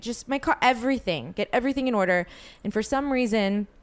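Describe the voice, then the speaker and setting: Chatty young woman with a smooth voice. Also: medium pitch. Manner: rambling, animated, filler-heavy retelling. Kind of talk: casual storytelling chat.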